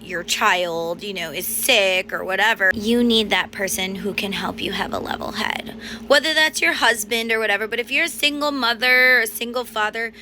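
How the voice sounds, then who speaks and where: A woman's voice: medium pitch, pushed and bright, rough recording. A woman in her thirties, a mother of five, talking casually to viewers in a rambling, chatty way with lots of fillers. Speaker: mom vlogger. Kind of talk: casual chat to camera. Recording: noticeable background noise.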